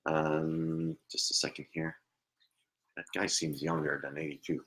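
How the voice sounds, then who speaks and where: Sitting at his home computer for a live online reading, a psychic medium speaks in a bass voice that is fairly bright, level in tone, and measured in pace. He comes across as hesitant and apologetic, laughing frequently and fading into murmurs.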